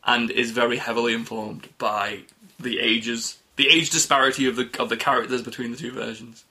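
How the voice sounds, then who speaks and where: A man's voice: medium pitch, level tone, a little fast, bright, forceful tone. A man co-hosting a casual podcast chat, talkative, laughing often and trailing off mid-thought. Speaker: podcast co-host.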